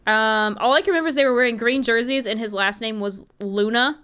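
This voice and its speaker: A woman co-hosting a chatty podcast, her voice sitting a little high for a woman. She tells stories with lively energy and drops swear words freely. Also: brisk, smooth. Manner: swears often, animated storytelling. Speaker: podcast co-host. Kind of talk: casual chat.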